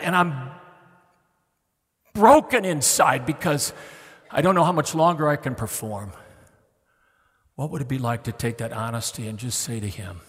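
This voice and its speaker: A middle-aged man preaching a sermon as a guest preacher, swinging from loud pleading to hushed, tender near-whispers. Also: mid-range voice, animated, moderate pace, pauses often. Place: church sanctuary. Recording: long hall reverb.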